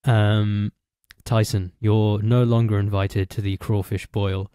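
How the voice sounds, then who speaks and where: A man co-hosting a podcast, explaining things in a hesitant, halting way in casual chat. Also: on the low side, level tone, mellow, clean tone, dry recording. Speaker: podcast co-host.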